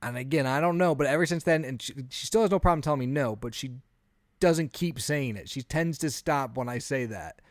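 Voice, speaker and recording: A man in his thirties, a podcast co-host telling an animated story in a casual chat, often acting out what he said. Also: mid-range voice, fairly quick, no room sound, clean studio sound.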